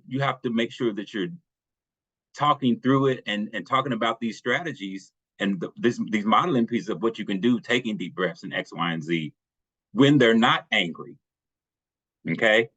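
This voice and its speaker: A man's voice: mid-range voice, a bit bright, slightly rough, dry recording. A man from family services presenting to parents at a workshop, who often checks in with "okay?". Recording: dry, dull lo-fi audio.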